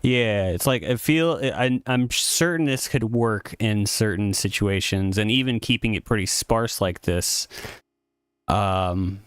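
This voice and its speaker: A man's voice: on the low side, slow, smooth, dry recording, studio quality. A man streaming a music tutorial, talking casually and thinking aloud, often correcting himself and apologizing in an easygoing way. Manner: casual, rambling, self-correcting. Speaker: streamer composing game music.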